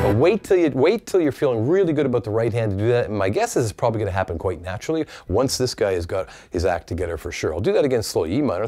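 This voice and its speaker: A man teaching a guitar lesson in a relaxed, encouraging way, counting and scatting strum rhythms aloud while he plays. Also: lowish voice, quick pace. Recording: loud guitar playing under the voice. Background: acoustic guitar strumming.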